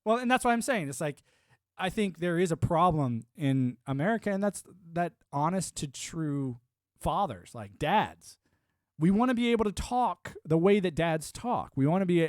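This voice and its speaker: A man's voice: high voice, expressive, normal speed, dry recording, clean studio sound. A man ranting on a live stream, profane and combative, laughing often and talking like a military veteran. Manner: former military and network engineer talk. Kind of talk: casual live-stream rant.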